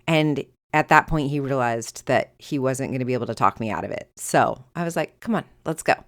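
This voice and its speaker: A middle-aged woman hosting a podcast, telling a personal story in an animated way and acting out the dialogue. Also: very deep voice, fairly quick. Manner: animated, acts out quoted dialogue. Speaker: podcast host.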